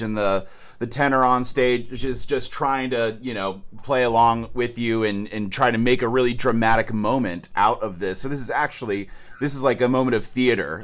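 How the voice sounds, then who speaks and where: A man's voice: medium pitch, fairly bright tone. A man coaching a student in a horn masterclass, talking casually with many "like"s and singing phrases to show them. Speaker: horn teacher.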